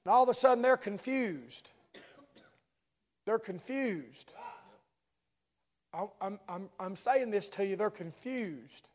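A man's voice: high-pitched, slow, long pauses. A man preaching a sermon in church, building with repeated phrases and asides to the congregation.

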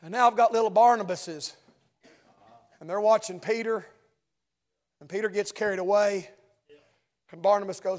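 A man's voice: high-pitched, normal speed, pauses often. A man preaching a sermon in church, building with repeated phrases and asides to the congregation.

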